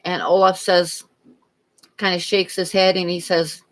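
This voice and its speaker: Brief: easygoing livestream host, rambling storyteller, mid-pitched voice. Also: level tone, unhurried, a bit bright, low-quality recording. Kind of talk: casual chat and joke-telling.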